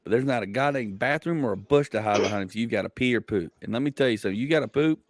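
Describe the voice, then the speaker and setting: A comedian from Georgia with a Southern accent tells comic stories on a live chat show, acting out quoted dialogue and swearing casually. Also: male voice, medium pitch, racing, no echo. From Georgia, USA. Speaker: comedian and co-host.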